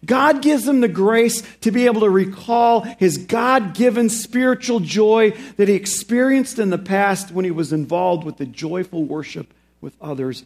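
High-voiced man preaching a sermon. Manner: preaches with slow, emphatic rises on key phrases; drops low and quiet for reflective points. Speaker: pastor.

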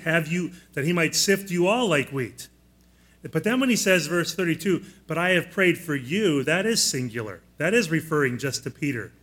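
A male pastor preaching a sermon in a slightly raised, clear voice. He is plainspoken and teacherly, steadily asking his listeners questions. He walks them through the blanks in their sermon notes. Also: high-pitched, lively intonation, moderate pace, a bit bright. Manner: plainspoken, asks the congregation frequent questions.

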